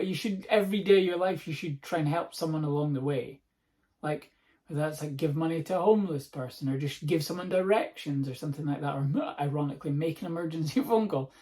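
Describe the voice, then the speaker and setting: A Scottish man hosting a podcast, telling a comic story in a sweary, animated, rambling way. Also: fairly high pitch, fast. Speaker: podcast host. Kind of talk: comedic storytelling monologue.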